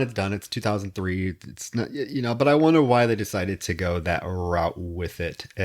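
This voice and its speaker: Man casually recapping a horror film. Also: on the low side. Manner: retells scenes with quick voiced quotes. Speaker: podcast co-host.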